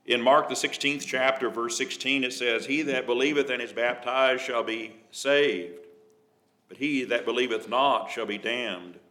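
A man preaching a Bible study sermon, speaking in a measured way and reading scripture aloud in old-fashioned wording. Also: mid-range voice, pushed and bright. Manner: measured, reads scripture in King James wording.

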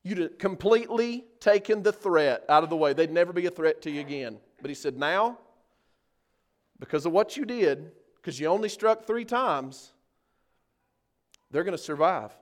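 A man's voice: on the high side, lively intonation, moderate pace. A male preacher giving an earnest sermon on a scripture passage, building in force on key points.

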